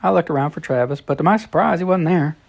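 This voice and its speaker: A man's voice: fairly high pitch, fast talker, vocal fry. A man reading a children's story told in letters, in plain, friendly storytelling. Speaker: storybook reader.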